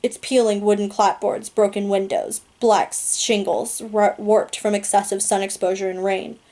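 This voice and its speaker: A woman reading a novel aloud in a steady, earnest storytelling manner. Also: mid-range voice, moderate pace. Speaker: audiobook reader.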